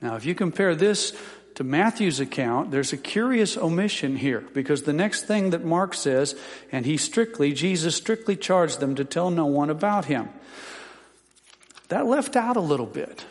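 A man's voice: fairly high pitch, animated, moderate pace. Folksy preacher man in a reverberant hall. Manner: folksy, joking asides while teaching scripture. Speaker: pastor. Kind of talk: sermon.

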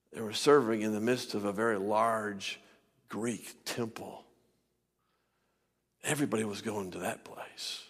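A man preaching a sermon in a church, swinging between loud shouting and near whispers. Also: fairly low pitch, slightly rough, in a large hall. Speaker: pastor. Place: church sanctuary.

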